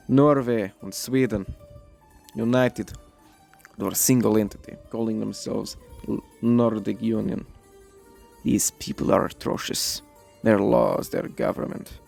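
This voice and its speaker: A man voicing a zealous male Russian imperial theocrat in a put-on Russian accent, grave and slow-spoken. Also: medium pitch, vocal fry, a little mellow. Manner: solemn, menacing declamation. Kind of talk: role-play character monologue.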